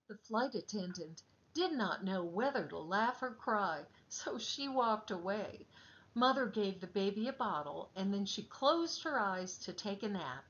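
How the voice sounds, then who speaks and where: A woman reading a children's story aloud in a gentle, expressive way. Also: medium pitch, unhurried, dull audio.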